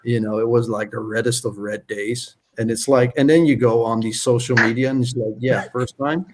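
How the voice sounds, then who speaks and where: A man's voice: mid-range voice, little pitch movement, a little fast, noisy background. A man co-hosting a casual chat, telling stories candidly and swearing freely. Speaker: podcast co-host.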